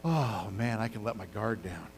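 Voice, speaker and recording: A preacher voicing an exhausted, fleeing commander who whines for water and settles in for a nap. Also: male voice, on the low side, expressive, normal speed, a little hiss or hum, voice pushed down. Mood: relieved. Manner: weary, whiny, relieved.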